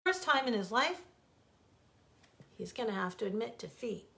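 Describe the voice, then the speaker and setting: A woman author reading a bedtime fable aloud in an expressive, dramatic storytelling manner. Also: on the high side, normal speed, gravelly. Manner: expressive, dramatic, warmly animated. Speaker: author reading her own stories.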